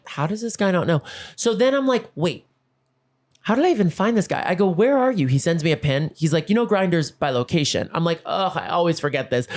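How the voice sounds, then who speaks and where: A man hosting a podcast, telling a comic story and acting out both sides of each conversation. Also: high voice. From Los Angeles. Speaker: podcast host. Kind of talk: comedic storytelling monologue.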